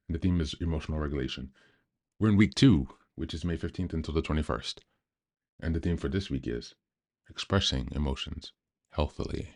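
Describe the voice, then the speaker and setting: Man, extremely low voice, calm, measured, reads a book aloud, podcast host.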